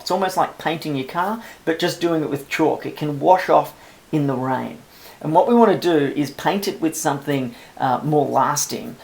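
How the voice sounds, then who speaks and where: Man, gravelly, chatty self-amused teacher, screen-recorded tutorial. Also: on the high side. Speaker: publisher teaching new authors.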